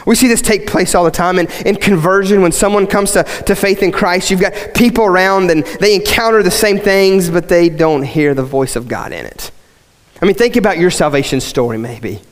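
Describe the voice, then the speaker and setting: High-voiced preacher in a hall. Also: male voice, moderate pace. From West Virginia. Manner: conversational preaching that builds to impassioned, repetitive emphasis. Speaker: pastor. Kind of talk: sermon. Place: church sanctuary.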